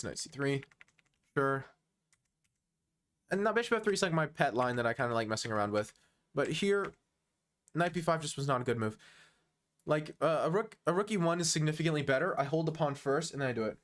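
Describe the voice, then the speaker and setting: The voice is a man's, fairly high in pitch and fairly bright, with an American accent; he's twenty-one and from the United States. Analysing chess on stream, he chats loosely, teases his audience, and chuckles often.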